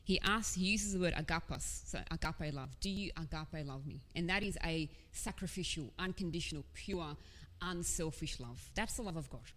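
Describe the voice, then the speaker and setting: Low-voiced woman preaching in a reverberant hall. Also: normal speed, few pauses, a bit bright. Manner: conversational, earnest, with casual asides. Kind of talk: sermon.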